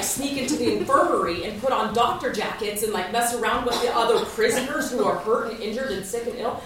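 A young woman from Alaska telling a personal story to a room, lively, laughing often and acting out what people said. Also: medium pitch, background noise. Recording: echoey room, far from mic.

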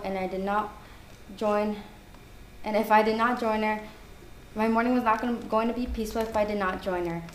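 A woman reading her own ghost story aloud, earnest and careful, correcting herself now and then. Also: medium pitch. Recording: echoey room with faint background noise.

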